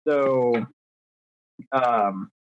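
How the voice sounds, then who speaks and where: Drawing out his words in a medium-pitched voice, a thirty-year-old man rambles casually on a podcast he co-hosts. He's self-deprecating and acts out little exchanges, all captured in dull, dry lo-fi sound.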